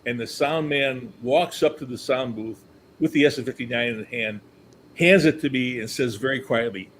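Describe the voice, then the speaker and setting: A man's voice: medium pitch, moderate pace, a little hiss or hum, low-quality recording. An older man who works as a company historian, telling stories as a guest and acting out the people he quotes. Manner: animated storyteller, acts out quotes, chuckles. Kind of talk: anecdotal storytelling.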